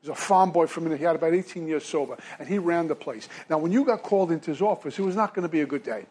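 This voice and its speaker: A man's voice: a little high, fast, a little mellow, breathy edge. A man from Brooklyn, telling his recovery story to a meeting from a podium in a self-deprecating way. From Brooklyn, New York. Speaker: recovery speaker.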